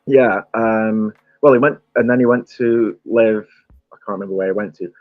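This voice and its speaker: A man's voice: fairly low pitch, steady tone, normal speed, dry recording, phone-quality sound. A man with a Staffordshire accent chatting casually as host, rambling and fond of accents. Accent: Staffordshire English. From England. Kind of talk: casual chat.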